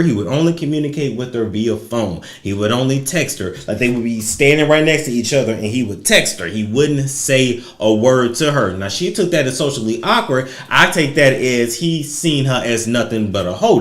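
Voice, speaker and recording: A man with an average-pitched voice hosts a relaxed gossip livestream and tells the story in his own blunt, conversational way. He keeps turning to his viewers with questions. The room around him adds a noticeable echo. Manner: conversational, opinionated, addresses viewers directly. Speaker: celebrity gossip host. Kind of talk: casual livestream commentary.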